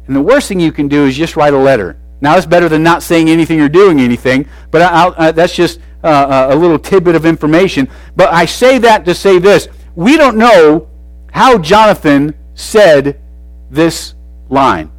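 Preacher guy giving a sermon, kinda high voice, goes loud then soft, lots of restarts, dry close sound. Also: moderate pace, dry recording, rough recording. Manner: animated, swings between loud and soft, frequent restarts.

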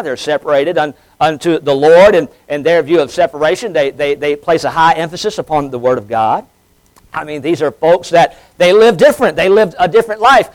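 A man with a high voice preaches a sermon in a church. He swells loud and fast when he reads scripture, then falls soft and low on the words he wants to land. His talk is full of repeated words and quick fillers. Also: poor audio. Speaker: pastor.

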